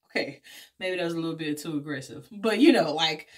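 A woman vlogger casually recapping a movie plot in an animated, slangy way. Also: deep voice, fairly quick. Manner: animated storytelling, slangy asides, acts out characters' lines. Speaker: beauty vlogger reviewing a movie.

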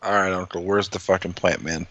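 A man's voice: low-pitched, steady tone, fairly quick, a bit bright. Joking, foul-mouthed player man, lo-fi sound. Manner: joking, profane. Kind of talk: casual tabletop game play.

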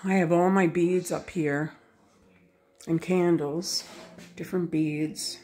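A woman giving a casual, unhurried tour of her home craft room, pointing things out one by one. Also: on the low side, steady tone, a little mellow.

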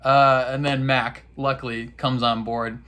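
A young man recapping a TV episode in a casual, excitable, slang-filled way, now and then mimicking characters. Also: mid-range voice, a little slow. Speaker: reaction video host.

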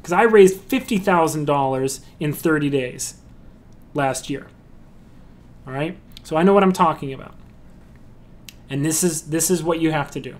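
A man's voice: a little high, normal speed, long pauses. A man giving a casual lecture on crowdfunding his film, chatty and full of fillers and restarts, breaking into a story. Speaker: filmmaker teaching about crowdfunding.

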